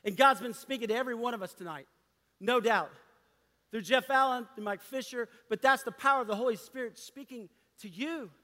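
A man delivers an impassioned sermon in a high, bright voice. His preaching swings from near-whispers to ringing declarations. A long reverb trails each phrase, as in a large hall. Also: brisk. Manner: impassioned preaching, swinging between loud and hushed. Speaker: pastor.

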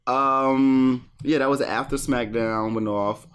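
A man's voice: mid-range voice, steady tone, fairly bright tone, clear, resonant tone. A man hosting a podcast, recapping wrestling in rambling casual chat full of restarts. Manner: rambling, stumbling restarts, quick to laugh.

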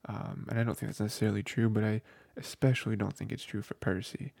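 Male podcast co-host, husky-gravelly, close and dry, rambling fan chatter. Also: lowish voice, fairly even intonation, fast talker, a little mellow, dry recording. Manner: rambling, filler-heavy, with many "you know" and "like". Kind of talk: casual book discussion.

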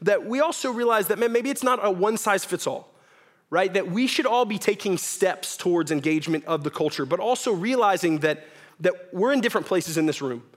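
High-voiced man preaching casually. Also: animated, brisk. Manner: casual, joking, conversational preaching with many "right?" tags. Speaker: pastor. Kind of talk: sermon. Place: church hall with audience.

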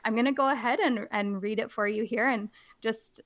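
A woman, a teacher on a book podcast, chatting casually and hamming up a read-aloud with big swings in her voice. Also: moderate pace. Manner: hams up reading with big pitch jumps.

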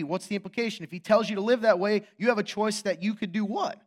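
A male pastor preaching a sermon in an animated, joking way, teasing his congregation and asking rhetorical questions. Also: high voice. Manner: quick, emphatic, asks rhetorical questions.

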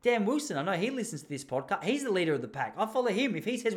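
A young Australian man with a fairly high-pitched voice talks on his podcast in a loose, rambling way. He jokes his way through stories in casual chat. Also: racing. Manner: rambling, jokey, animated storytelling with laughs. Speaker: podcast host.

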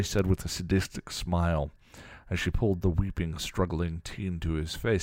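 A man co-hosting a podcast and reading fan fiction aloud with a dramatic, expressive delivery. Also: low-pitched, moderate pace, few pauses, no room sound, studio quality. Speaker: podcast co-host.

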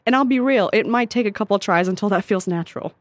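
A woman co-hosting a casual advice podcast, playful and quick to laugh. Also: mid-range voice, dry recording. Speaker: podcast co-host.

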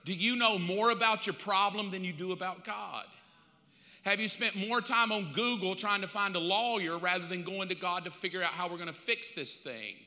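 A middle-aged male pastor preaching a sermon in a casual, animated storytelling way. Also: sits high, moderate pace. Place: church sanctuary. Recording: reverberant church hall.

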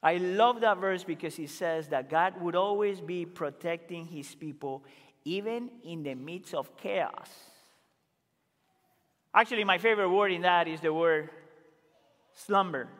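A man preaching a sermon as pastor, earnest and emphatic, rising to loud exclamations and dropping to quiet asides. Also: high-pitched, a little slow. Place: church sanctuary. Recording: reverberant church hall.

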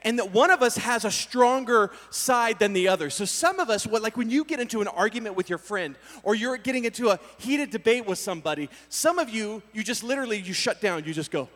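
A man preaching a storytelling sermon to young people, acting out scenes with voices and sudden loud bursts. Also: sits high, a little fast, few pauses. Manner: animated, acts out scenes with voices and sudden shouts. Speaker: youth pastor. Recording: reverberant hall.

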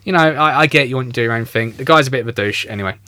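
A man's voice: medium pitch, racing, dry recording. A man hosting a film podcast in a radio studio, chatting animatedly about a film and acting out his own reactions. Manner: animated, swearing, acts out reactions. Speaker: podcast host. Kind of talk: casual film review chat. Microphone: studio microphone.

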